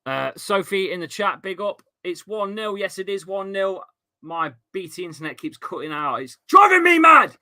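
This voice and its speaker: Brief: young man, football fan streamer, bright cutting tone, sweary, jumps from low mutters to shouts. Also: moderate pace. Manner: excitable, swearing, swings from grumbling to shouting. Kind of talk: live fan commentary.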